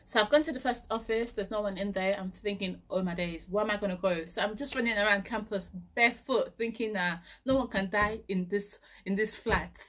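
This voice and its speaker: A young woman from Nigeria telling a lively story, acting out her own panicked lines and laughing often. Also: medium pitch, fairly quick, hardly any pauses. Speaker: vlogger. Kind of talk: animated storytelling.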